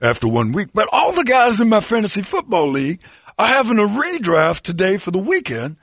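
A bragging, chatty retired football star, impersonated by a man, delivering dark jokes deadpan. His husky, gravelly voice jumps around in pitch. The sound is close and dry. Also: fairly quick, no room sound, exaggerated voice. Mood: boastful. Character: impression of a middle-aged male retired football star, boastful.

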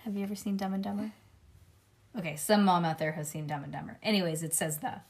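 A woman's voice: lowish voice, fast talker, vocal fry. A young woman reading a children's book aloud to her child, stopping for chatty, playful asides.

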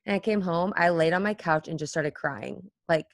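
Young female co-host, relaxed chatty storyteller, lower register, dry studio mic. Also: moderate pace, creaky, dry recording. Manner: chatty storytelling with frequent "like"s, calmer tone. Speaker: podcast co-host. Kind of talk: casual chat.

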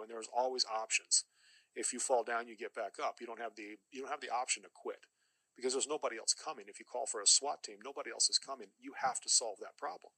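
A man's voice: medium pitch, sharp tone, dry recording, low-quality recording. A middle-aged man giving an earnest, emphatic personal testimony as a podcast guest, often repeating phrases for weight.

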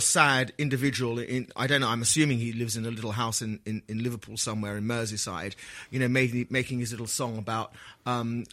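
A man's voice: mid-range voice, bright, forceful tone. A man on a football podcast panel who talks in elaborate, wry, formal phrasing. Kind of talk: casual football podcast chat.

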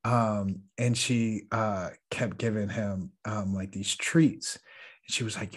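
A man's voice: lowish voice, takes it slowly. A man co-hosting a podcast, telling a story in an earnest, reflective way and laughing often. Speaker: podcast co-host. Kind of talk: casual storytelling chat.

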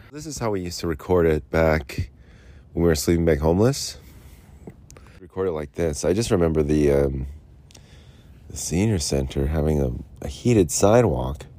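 A homeless man who podcasts tells a personal story outdoors, rambling sarcastically about a police ticket in a casual monologue while tipsy and drinking beer, mumbling at times. His voice is deep and mellow.

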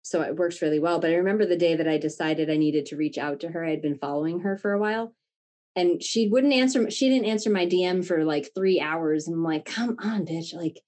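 Low-voiced candid woman coach. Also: quick pace. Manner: candid, animated, swears freely. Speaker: guest, creative coach. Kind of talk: casual podcast conversation.

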